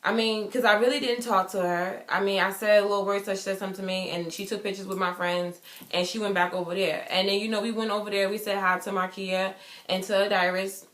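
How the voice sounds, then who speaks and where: A young woman recounts a personal story straight to camera. She talks emphatically and circles back over her points. Her voice sits at an ordinary pitch and carries a roomy echo. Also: flat delivery, fast, fairly bright tone. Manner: emphatic and repetitive, acting out quotes. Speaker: vlogger.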